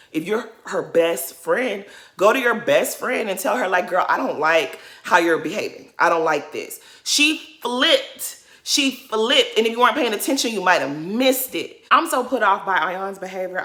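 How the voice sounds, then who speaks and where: A woman's voice: medium pitch, a bit bright. A woman giving an emphatic, indignant commentary rant, hammering her points home by repeating them. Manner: acts out quotes in mocking voices. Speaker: reality TV commentary vlogger. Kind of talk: casual ranting commentary.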